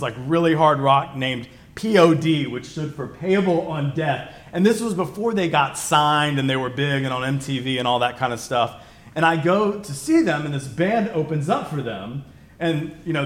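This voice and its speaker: A high-pitched man preaching a relaxed, conversational sermon. He wanders into stories and asides, and he drops from ringing emphasis to near-whispers. He sounds middle-aged. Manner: digressive storyteller, swings from loud emphasis to quiet asides. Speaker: pastor.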